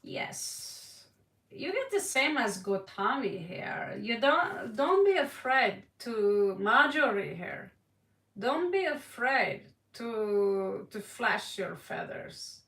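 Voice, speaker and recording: Slow-talking woman from Norway reading tarot. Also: on the high side, very animated, a bit bright. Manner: chatty, laughs often, addresses viewers by name. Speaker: tarot reader. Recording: roomy echo, distant mic.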